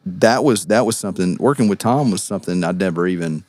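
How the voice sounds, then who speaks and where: A young man, a podcast guest and actor, telling stories in an animated, casual way with frequent laughs and quick asides. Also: low-pitched, no room sound. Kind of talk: casual storytelling.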